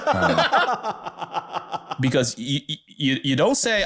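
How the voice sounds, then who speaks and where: A man's voice: medium pitch, big pitch swings, moderate pace, long pauses. Guy on a podcast telling a story, switches into the other people's lines, mid voice. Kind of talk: casual chat.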